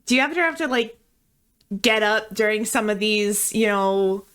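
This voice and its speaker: A woman's voice: medium pitch, moderate pace, a bit bright, clean tone. A woman co-hosting a book podcast, chatty and enthusiastic, asking rambling questions. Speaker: podcast co-host. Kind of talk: casual chat.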